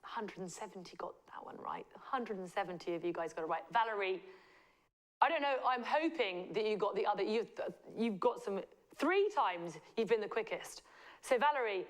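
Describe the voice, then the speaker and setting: A woman from the Southwest of England with a West Country accent, hosting a live quiz show in a playful, teasing way with drawn-out answer reveals. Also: on the high side, animated. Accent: West Country English. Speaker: quiz host.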